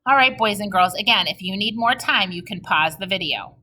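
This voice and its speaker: The woman teaching this recorded children's reading lesson has a bright, pushed mid-range voice with lively intonation. Patient and encouraging, she slows right down to read model sentences aloud.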